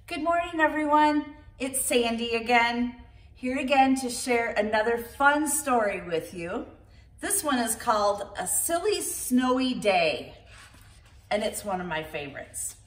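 Expressive woman reading a children's story. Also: a little high, measured pace. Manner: gentle, expressive. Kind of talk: reading a picture book to children. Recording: roomy, from far off.

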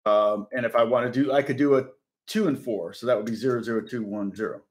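A man's voice: mid-range voice, quick pace. A man teaching guitar on a live stream, answering viewers' questions in a rambling way that keeps correcting itself. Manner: rambling and self-correcting, chatty. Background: guitar playing.

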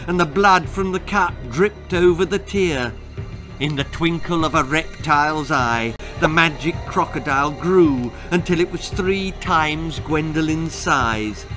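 A male author reads a children's story with slow, unhurried delivery, savoring every grotesque detail. His voice is bright and pitched a little high for a man. Faint music sits softly underneath the reading. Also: rough recording. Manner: relishing, darkly comic storytelling.

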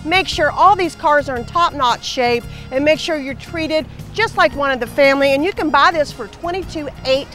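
Peppy high-voiced car-sales woman. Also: normal speed, hardly any pauses, sharp tone, faint music behind. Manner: peppy, enthusiastic pitch. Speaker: car show co-host. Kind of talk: upbeat sales presentation.

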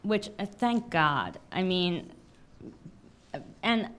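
A woman in her thirties, an author reading a confessional memoir aloud in a wry manner, then answering questions with halting fillers. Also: fairly low pitch, lively intonation, fairly bright tone, slight background noise. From United States. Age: 30s.

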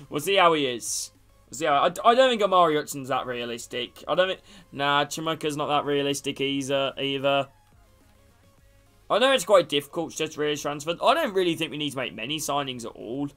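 Man, live game stream, talks to his chat, slightly high voice, faint music under it. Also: a bit bright. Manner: chatty, answering viewers by name. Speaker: gaming streamer. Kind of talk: casual live-stream commentary.

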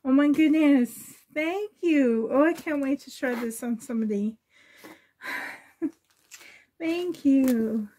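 A woman's voice: sits high, slow, long pauses, warm tone. A woman vlogger chatting casually while unboxing, her voice shaky and emotional as she gushes with tearful gratitude. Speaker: doll-collecting vlogger.

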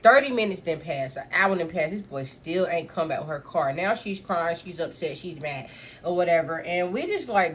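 A young woman vlogger telling a casual, animated storytime in slang, talking straight to her viewers. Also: lowish voice, moderate pace, slightly rough.

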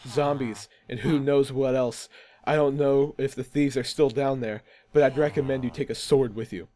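A man's voice: medium pitch, darkish tone, pitched below the performer's own voice, close to an everyday voice. Man voicing a haughty busy quest giver. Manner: haughty, curt and demanding. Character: impatient self-important male townsman quest giver. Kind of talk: reading game dialogue aloud.

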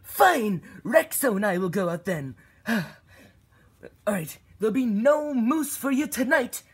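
Brief: bossy hunter dad bird, woman voicing him, impatient, husky. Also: a little high, animated, unhurried, no room sound, heavily acted. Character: gruff male bird father, hunter.

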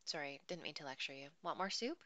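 A woman's voice: deep voice, animated, quick pace, bright, forceful tone, no room sound. Woman reading as a firm practical woman rescuer. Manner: firm but not nasty, plain and practical. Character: tall firm adult woman rescuer in the wild.

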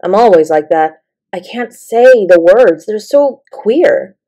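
A woman voicing a shy, slow schoolgirl full of awe in a storybook reading, speaking hesitantly. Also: medium pitch, animated, dark tone. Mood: awed. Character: shy, slow, plump schoolgirl, easily awed.

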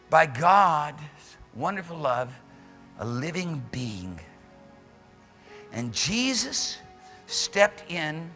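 A male pastor preaching a church sermon with impassioned, repetitive exhortations that rise to shouts. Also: a little high, big-room sound. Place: church service.

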